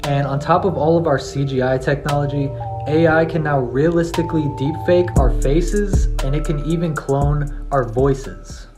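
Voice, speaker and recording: A man's voice: fairly high pitch, steady tone, normal speed. A man giving earnest scripted narration that warns his listeners. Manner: earnest, warning tone. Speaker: video creator. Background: music bed.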